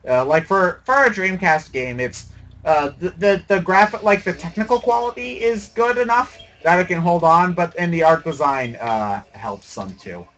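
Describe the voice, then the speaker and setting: A man's voice: high voice, lively intonation, normal speed, a bit bright, lo-fi sound. A man streaming a video game, giving rambling, sarcastic and profane casual commentary.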